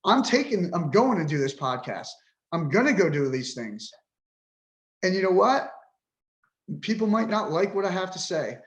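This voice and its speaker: A man's voice: high voice, very animated, normal speed, long pauses, muffled recording. A man in his fifties, a podcast guest, talking with frustration and swearing bluntly as he vents. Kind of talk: emotional interview talk.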